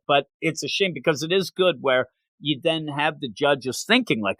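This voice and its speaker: A man's voice: on the high side, moderate pace, few pauses, dry recording. A man hosting a podcast, recapping a manga chapter in casual chat and acting out the characters. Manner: animated storytelling, acts out characters in silly voices. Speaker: podcast host.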